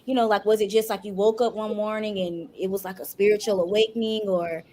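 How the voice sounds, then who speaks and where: A woman's voice: mid-range voice, steady tone, a little fast, darkish tone. A woman moderates a podcast panel, working her way through a long question and rephrasing it as she goes. Her voice sits in a medium range. A faint hiss runs underneath. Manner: rambling, searching question.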